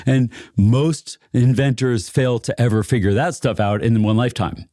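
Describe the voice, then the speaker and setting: A guest who backs inventors chats through stories in a relaxed interview, laughing frequently and restarting sentences amid plenty of fillers. He has a mid-range, dark-toned voice at normal speed, recorded dry with clean studio sound.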